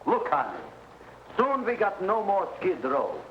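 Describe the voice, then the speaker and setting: A man's voice: high voice, wildly swooping pitch, unhurried, exaggerated voice. An actor playing a scheming, greedy older male flower-shop owner in an old film, with mangled grammar and a theatrical, wheedling delivery. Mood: grandiose. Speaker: film character. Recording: dull, hissy old film soundtrack.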